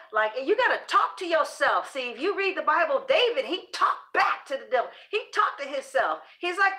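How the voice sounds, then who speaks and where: Speaking in a high, sing-song voice that is pushed and bright, this woman moves at a moderate pace and barely pauses. She hosts a tarot channel and delivers a breezy self-esteem monologue, preachy and sassy, swearing liberally and performing pep talks aimed at herself.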